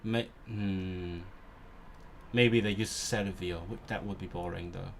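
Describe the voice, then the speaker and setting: Muttering to himself in low-key fashion, a language-learner streamer drills vocabulary, repeating words slowly and restarting frequently as he thinks aloud. His creaky voice stays fairly even, with a faint hiss or hum behind it.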